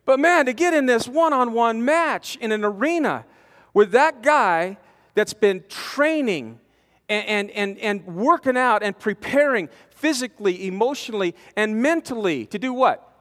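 A man preaching a storytelling sermon, animated, with stammering restarts, swinging from loud to hushed. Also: very high-pitched, measured pace. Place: large conference hall. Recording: long reverb of a conference hall.

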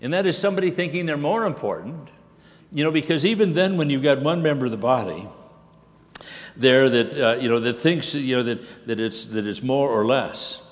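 A man's voice: medium pitch, animated, moderate pace. Older male preacher in a reverberant hall. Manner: folksy, rambling, with many fillers. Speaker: pastor. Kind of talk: sermon. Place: conference hall.

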